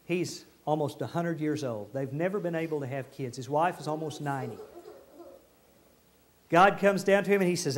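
Folksy high-voiced preacher. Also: male voice, moderate pace. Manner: folksy, animated, acts out people he quotes. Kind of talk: sermon. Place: church.

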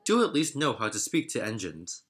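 A man voicing a small, excitable male steam engine who complains in a high, childlike way. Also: normal speed. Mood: grumbling. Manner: shrill, indignant, childlike complaining. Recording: narration over loud music.

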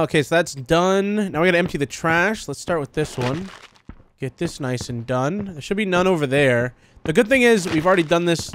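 A man giving chatty, joking let's play commentary, reacting aloud and reading in-game notes. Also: fairly high pitch. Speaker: gaming channel host. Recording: faint noise and clicks behind the voice.

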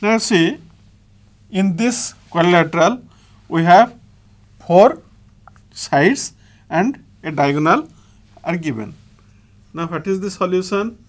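A man's voice: high voice, slow, pauses often. A man with an Indian English accent, teaching a maths lesson step by step while writing on a board.

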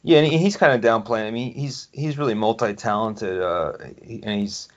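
A man co-hosting a podcast, chatting casually in a halting, loosely phrased way. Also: lowish voice. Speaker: podcast co-host. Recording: dull lo-fi sound.

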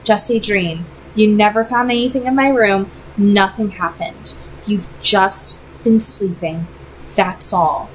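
A woman voicing a soft-spoken teen vampire. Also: very high voice, lively intonation, moderate pace, slight background noise, pitched above the performer's own voice. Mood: soothing. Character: teenage boy vampire, anxious then hypnotically soothing.

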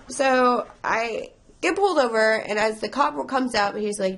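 In a casual confessional vlog, a young woman with a highish, creaky voice talks at a moderate pace. She's rambling, teary and stressed, but keeps laughing despite it.

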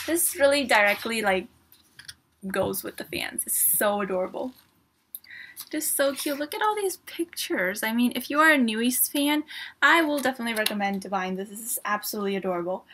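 A woman vlogger with a slightly high voice talks casually through an unboxing. She gushes with excitement, reads printed lines aloud, and now and then drops to a soft near-whisper. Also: normal speed. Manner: gushing, excitable fan talk.

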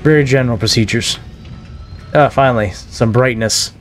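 A man's voice: medium pitch, moderate pace, faint music behind. A man commentating on his own gameplay in a casual let's-play, joking and exclaiming at scares. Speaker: gaming video host.

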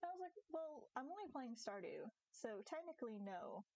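A young woman chatting casually on a live game stream, giggly and animated, talking to her viewers and her cat. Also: high voice, moderate pace, dull audio. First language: English. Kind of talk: casual live-stream chat while gaming.

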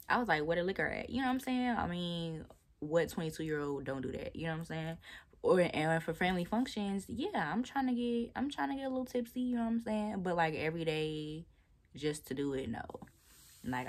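Brief: woman in her 20s, Southern accent, low gravelly voice, chatty vlog talk. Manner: chatty, laughing, playful asides to viewers. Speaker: vlogger. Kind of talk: casual chat while taking down twists.

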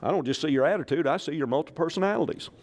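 A man's voice: a little high, very fast, noisy background. A man from Arkansas, preaching a sermon as pastor in a folksy, joking style that calls on the congregation to repeat after him. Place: church sanctuary. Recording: echoey church hall.

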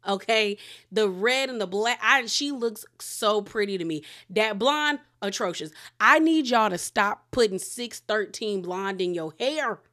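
A woman from the Washington DC area gives a chatty, opinionated recap of a reality show at a measured pace. Her pitch jumps up whenever she gets excited.

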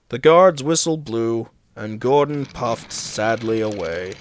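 A man reading a storybook aloud in a measured, expressive way. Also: medium pitch, dry recording. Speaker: storybook reader. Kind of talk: storybook narration.

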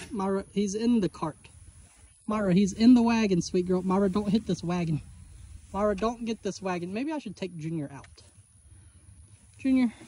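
Man, homestead vlogger, casual chat, outdoors on a farm, coaxing, excitable. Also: sits high, slight background noise. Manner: chatty, coaxing animals, excitable.

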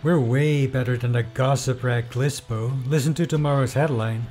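A man's voice: medium pitch, fairly even intonation, normal speed, darkish tone, soft background music, natural voice. A man voicing a gossipy male sports reporter who poses as a fight fan, boastful and eager about headlines.

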